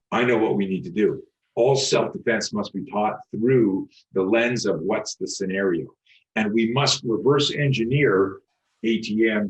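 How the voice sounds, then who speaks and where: A man in his sixties, a podcast guest who teaches self-defense, telling stories in an animated, profane way and acting out the voices of the people in them. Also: fairly low pitch. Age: 60s. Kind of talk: storytelling interview talk. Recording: dull lo-fi recording.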